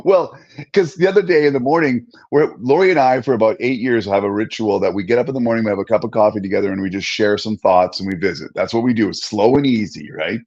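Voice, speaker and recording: Animated self-mocking man, slightly dull audio. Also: lowish voice, quick pace. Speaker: podcast co-host. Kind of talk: casual podcast conversation.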